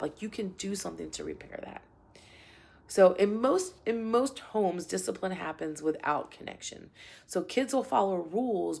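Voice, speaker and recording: A woman's voice: lowish voice, vocal fry, a little mellow, breathy edge. A middle-aged woman, a parenting coach, talking casually and earnestly to camera, often checking in with "right?". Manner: earnest and plainspoken, with many "right?" check-ins. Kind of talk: casual advice talk to camera.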